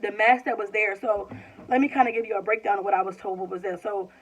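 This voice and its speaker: A vlogger in her twenties chats quickly in a steady, medium-pitched voice, telling a personal story packed with "like" and rambling restarts. The recording sounds a bit distant, dull, and lo-fi.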